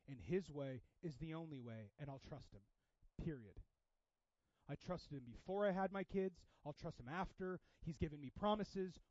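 A man preaching a sermon, swinging between loud emphatic bursts and quiet, intense passages. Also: high voice, no room sound, dull audio. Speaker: pastor.

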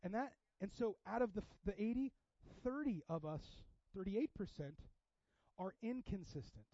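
A man preaching a sermon in a casual, animated way, with sudden loud bursts. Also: high-pitched, moderate pace, no echo, muffled recording. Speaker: pastor.

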